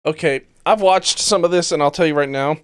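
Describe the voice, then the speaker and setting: A man's voice: a little high, brisk, clean tone, no echo, studio quality. A man hosting a podcast who reacts to news clips bluntly and sarcastically, swearing often. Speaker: podcast host. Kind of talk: casual commentary on news clips.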